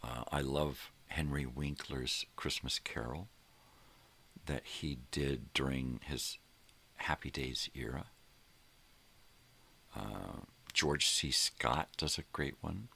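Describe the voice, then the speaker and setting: A man's voice: extremely low pitch, takes it slowly, creaky, pauses often, bright, forceful tone, husky. An older man hosting a morning show, talking in a casual, rambling monologue full of fillers that trail off.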